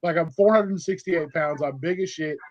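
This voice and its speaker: A man's voice: a little high, moderate pace. A man in his forties, a podcast guest telling his story in a frank, emphatic, conversational way. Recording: dull lo-fi audio with faint noise.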